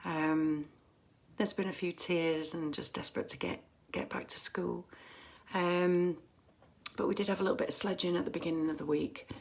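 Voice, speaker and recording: A woman's voice: fairly low pitch, fairly even intonation, moderate pace. Woman, casual livestream chat, phone camera, chatty, rambling, fillers and restarts, home. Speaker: musician hosting a fan livestream.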